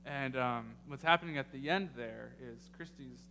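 Pastor preaching in an echoey church hall. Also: male voice, medium pitch, sharp tone. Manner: halting, many ums, emotional. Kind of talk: sermon. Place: church sanctuary. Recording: echoey hall with faint noise.

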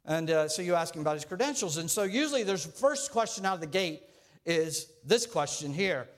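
A man's voice: on the high side, animated, a little fast. A male pastor preaching a sermon in a conversational way, joking with the congregation.

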